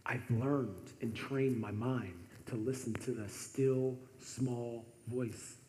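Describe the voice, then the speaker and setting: A man preaching a sermon, animated and conversational, often dropping to softer tones for emphasis. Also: medium pitch, takes it slowly. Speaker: pastor. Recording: echoey hall with faint noise.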